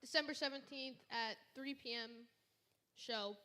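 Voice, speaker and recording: A woman's voice: a little high, measured pace, pushed and bright. A woman reading event announcements with dates and times to a youth group.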